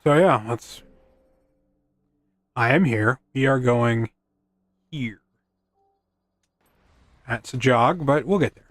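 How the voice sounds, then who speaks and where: Male streamer, casual gameplay chatter, jokes at his own expense, middle pitch, dry close sound. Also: slow pace, long pauses, no echo. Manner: rambling, self-deprecating quips, chats to his horse. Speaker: gaming streamer.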